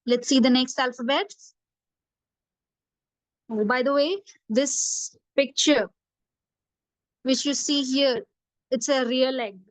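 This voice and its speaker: A woman's voice: high-pitched, fairly even intonation, slow, pauses often, no echo. A woman teaching a phonics lesson, patiently repeating letter sounds for young learners. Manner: patient, drills sounds over and over. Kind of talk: phonics lesson, slow repetition.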